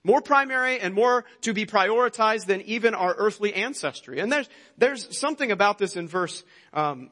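A man's voice: high voice, a bit bright. A man preaching a sermon as pastor, earnest and conversational, often restarting his phrases. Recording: long reverb of a hall.

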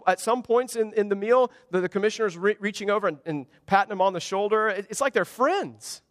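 A high-voiced man preaches a sermon in a church, his delivery animated and swinging between loud and soft. The mic is close and dry, with a long hall reverb trailing behind. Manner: animated preaching with wide swings in pitch and volume. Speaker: pastor. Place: church sanctuary.

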